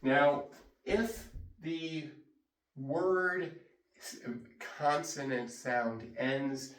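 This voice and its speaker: Slow-drilling male teacher in echoey classroom. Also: a little high. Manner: slow, drilling sounds with repetition. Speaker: English pronunciation teacher. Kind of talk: classroom lesson. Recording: echoey room, voice from far off.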